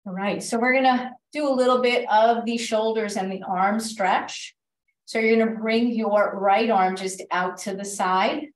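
A woman instructor guiding a stretch class with calm, step-by-step cues and gentle reminders, recorded in a library class room. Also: mid-range voice, unhurried. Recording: echoey room, voice from a distance.

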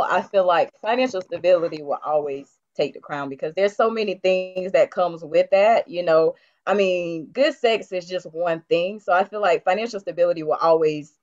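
A woman's voice: lowish voice, animated, normal speed, highs cut off. A woman podcast co-host in casual chat who laughs easily and chimes in.

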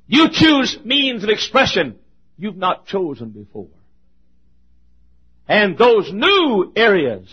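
A man preaching a sermon as a pastor, impassioned, joking now and then, dropping from shouts to near whispers. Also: sits high, husky, lo-fi sound. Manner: joking asides.

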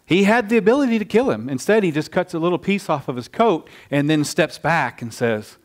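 A male pastor preaching a sermon in a conversational, animated storytelling way, often restarting his phrases. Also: a little high, fairly quick, hardly any pauses.

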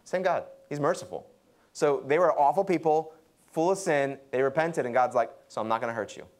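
A young adult man preaching a sermon, animated and acting out quotes. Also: fairly quick. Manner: lively, acts out quotes with pitch jumps. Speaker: pastor.

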